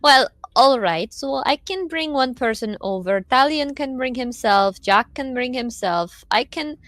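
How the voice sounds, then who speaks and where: A woman's voice: sits high, lively intonation, measured pace, fairly bright tone, dry recording. Dry-sounding woman planning at the table. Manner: questioning, organizes the plan. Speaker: tabletop game player. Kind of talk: casual tabletop play.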